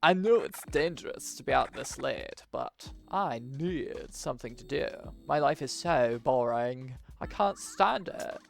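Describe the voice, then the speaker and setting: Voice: medium pitch, expressive, measured pace, gravelly, hardly any pauses, soft background music. Player reading a bored young fan who wants some drama, wistful, not much of a put-on voice.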